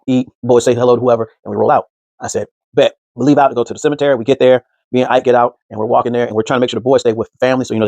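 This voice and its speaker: A man spins a casual personal story at a rapid clip, slipping into the voices of the people he quotes. His talk is loose and conversational, padded with easy fillers. The sound is dry and close, with no room around it. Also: mid-range voice, dry recording. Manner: animated, acts out quoted speech in others' voices. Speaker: podcast host.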